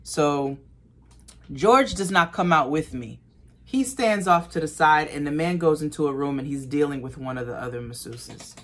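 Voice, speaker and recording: A man co-hosting a podcast, telling a story casually and acting out the people in it, with bursts of loud laughter. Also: on the high side, normal speed. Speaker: podcast co-host.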